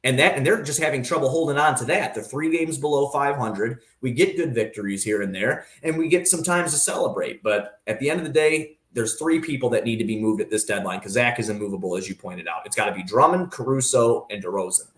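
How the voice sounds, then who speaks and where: A man's voice: medium pitch, a little fast, few pauses. Passionate man talking sports, roomy sound. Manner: passionate, rambling, opinionated. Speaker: guest sports commentator. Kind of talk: casual sports radio talk. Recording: roomy echo.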